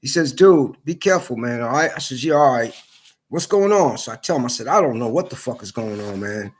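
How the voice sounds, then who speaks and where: A man's voice: mid-range voice, lively intonation, fairly quick, husky. A man in an angry, heated rant to camera, swearing a lot and repeating himself. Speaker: vlogger.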